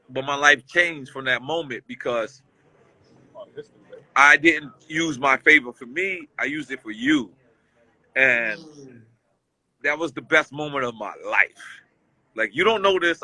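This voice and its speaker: A man's voice: medium pitch, a little slow, long pauses, sharp tone, dry recording, low-quality recording. A man speaking as a guest in a casual, heartfelt conversation. He tells a story with feeling and repeats himself often. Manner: emotional, repetitive, storytelling.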